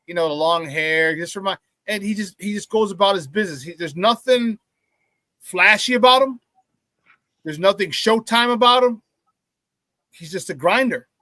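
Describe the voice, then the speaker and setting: Bright, high-pitched excitable sports host man. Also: normal speed, pauses often, dry recording. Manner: excitable, repeats phrases, restarts often. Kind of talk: casual sports talk.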